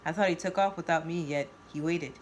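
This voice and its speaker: A woman reading a first-person novel aloud, expressive and voicing each character. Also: sits low, brisk, a little hiss or hum. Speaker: reader of her own novel.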